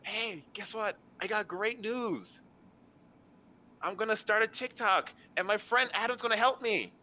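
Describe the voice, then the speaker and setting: A man doing a giddy, excitable woman. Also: high-pitched, a little slow, pitched above the performer's own voice, full character voice. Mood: excited. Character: excitable woman chasing social media fame.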